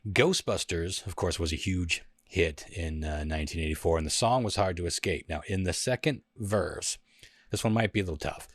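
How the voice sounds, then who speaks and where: Playful low-voiced man hosting a quiz. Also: normal speed, no echo, clean studio sound. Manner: playful, laughs often, sings lyrics in a high falsetto. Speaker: host running a lyrics quiz. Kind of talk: casual podcast chat.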